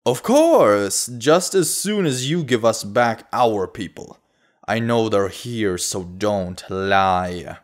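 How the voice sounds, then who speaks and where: A man's voice: on the low side, lively intonation, slow pace. A man voicing a brash, ruthless human bandit leader in an audiobook, talking in a cocky, offhand way. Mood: demanding. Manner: cocky, offhand, shouts when demanding.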